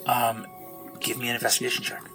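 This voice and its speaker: A man narrating a tabletop game as game master, describing scenes in an animated way. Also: medium pitch, fast, music in the background, low-quality recording.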